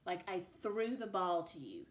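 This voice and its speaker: A woman teacher giving a recorded spelling dictation lesson, slowly sounding out each letter and sound. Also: fairly low pitch, animated. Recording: echoey room.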